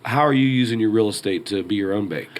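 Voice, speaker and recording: Low-voiced guy hosting an interview, casual, cracks jokes, keeps the guest talking. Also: quick pace. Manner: casual, joking, prompting. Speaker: host. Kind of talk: interview conversation.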